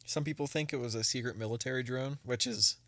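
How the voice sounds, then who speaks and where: A man's voice: mid-range voice, fast, fairly bright tone, dry recording. A young man hosting a casual podcast, joking and reading reports aloud to his friends. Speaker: podcast host.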